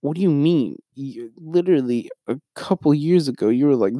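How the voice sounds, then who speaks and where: A man's voice: fairly high pitch, animated, moderate pace, creaky, dark tone, dry recording, studio quality. A young man co-hosting a podcast, ranting in a rambling way and often restarting his sentences. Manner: rambling, frequently restarts and sidetracks. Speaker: podcast co-host. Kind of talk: casual ranting commentary.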